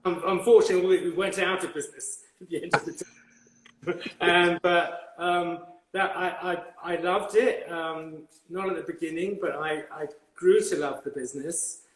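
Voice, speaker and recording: A man's voice: fairly high pitch, steady tone, roomy sound, a little hiss or hum, rough recording. Older man with a posh English accent. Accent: old-fashioned upper-class English. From England. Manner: rambling and halting, with many repeated words and fillers. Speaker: guest hairdresser. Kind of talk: conversational interview.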